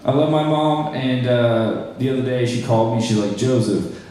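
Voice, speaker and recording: Young man doing stand-up in an echoey room. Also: fairly high pitch. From North Charleston, South Carolina, USA. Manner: self-deprecating, wry crowd work. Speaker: stand-up comedian. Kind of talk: stand-up comedy set. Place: small live comedy room. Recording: echoey room from a distant mic.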